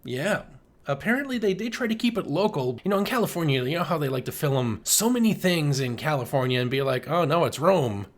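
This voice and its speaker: A man's voice: fairly high pitch, animated, fairly quick. A man hosting a horror movie podcast, rambling casually with plenty of fillers and playing an exasperated director in a comedy sketch. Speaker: podcast co-host.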